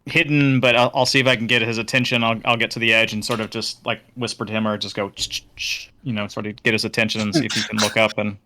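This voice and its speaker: A man's voice: lowish voice, little pitch movement, fast, hardly any pauses, bright, forceful tone, a little hiss or hum. A man playing a tabletop game, speaking hesitantly and thinking aloud about his moves. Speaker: player.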